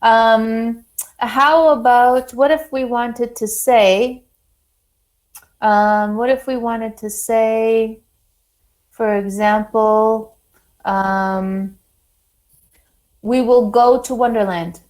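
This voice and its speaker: Woman teacher running a class, talks slow, lots of praise, kinda high voice. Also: fairly even intonation, darkish tone, poor audio. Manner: encouraging, slow and deliberate, frequent praise. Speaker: French teacher. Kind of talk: classroom lesson, online class.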